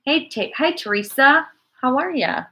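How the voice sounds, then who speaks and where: A woman in her forties hosts a casual church livestream chat, reading viewer comments and chatting in an animated way. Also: high-pitched, measured pace.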